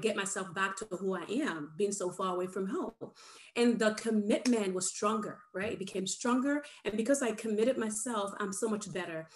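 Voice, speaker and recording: A woman and parent speaking in an earnest personal talk on a video call, emphatic and repeating her points, often checking in with "right?". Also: mid-range voice.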